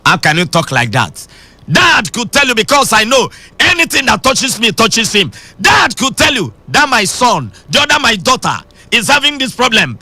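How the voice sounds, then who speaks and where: Bright, lively preacher man. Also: extremely high pitch, moderate pace, slightly rough, dry recording. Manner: emphatic preaching that swings between shouting and sing-song. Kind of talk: radio sermon.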